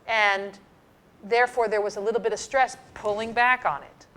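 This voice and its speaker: A woman's voice: medium pitch, steady tone, normal speed, a bit bright. A middle-aged woman giving a university lecture, explaining slides in an emphatic, conversational teaching manner and answering students. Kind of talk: classroom lecture. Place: lecture hall.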